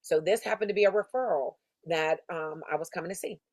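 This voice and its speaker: A woman's voice: fairly low pitch, brisk, dry recording. A woman sales coach giving a motivational lesson in an emphatic, conversational, slangy storytelling manner. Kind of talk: motivational teaching talk.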